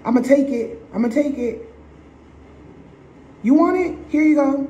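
A woman doing a high, singsong taunting teaser. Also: a little slow, mellow, reverberant, lo-fi sound. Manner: singsong, toying. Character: taunting manipulator teasing a dog with a snack.

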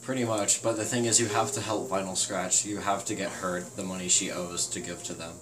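A man joining a let's play, giving dry, deadpan directions and remarks. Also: deep voice, a little fast, echoey room, a little hiss or hum, rough recording. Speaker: co-player. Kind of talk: gaming commentary. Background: game music.

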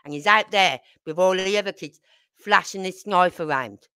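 Brummie woman, middle-aged, lowish and forceful, blunt swearing storyteller talking to camera. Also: moderate pace, clear, resonant tone. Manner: blunt, salty, tells stories with acted quotes. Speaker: channel host.

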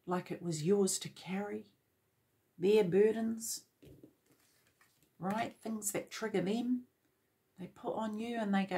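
Vocal fry colors this woman's mid-range, dark voice. As a tarot reader, she talks straight to her viewers, encouraging them and repeating points often.

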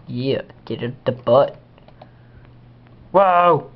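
A man's voice: mid-range voice, measured pace. A teenage boy doing casual gameplay commentary, goofy and rambling, talking to himself as he plays. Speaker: gamer. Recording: dull lo-fi home recording.

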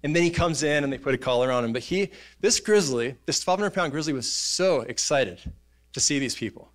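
A man, preaching a sermon in a church, telling stories in an animated way and acting out voices and sounds. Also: a little high, brisk. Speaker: pastor. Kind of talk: casual sermon storytelling. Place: church auditorium.

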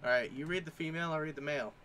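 A man's voice: on the high side, racing, heavy background noise. A man in casual commentary, reading memes aloud and joking, sometimes putting on mock voices. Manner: jokey, reads captions aloud with mock voices.

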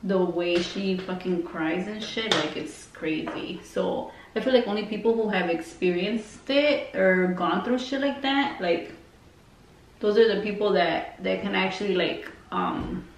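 A woman's voice: mid-range voice, measured pace. Rambling, cussing woman in a roomy room. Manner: rambling and heavily profane, full of fillers. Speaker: beauty vlogger. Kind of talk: casual storytelling. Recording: roomy, distant mic, faint noise.

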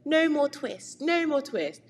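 A woman's voice: high-pitched, big pitch swings, takes it slowly, slight background noise, pitched above the performer's own voice, full character voice. These are cheeky little storybook mice that chant in a raised, sing-song voice, as a woman reading aloud puts them on. There is a long reverb tail on the sound.

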